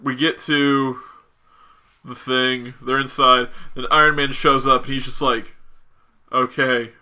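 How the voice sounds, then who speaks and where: A man's voice: mid-range voice, little pitch movement, a little slow, pushed and bright. A man hosting a podcast, recapping a movie in casual, rambling chat with many fillers and laughs. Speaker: podcast host.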